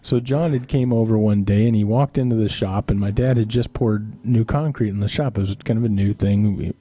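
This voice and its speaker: With a lowish, mellow voice and no echo, a middle-aged man runs a live stream where he casually chats with viewers. He tells rambling family stories to chat, punctuated by chuckles and teasing asides.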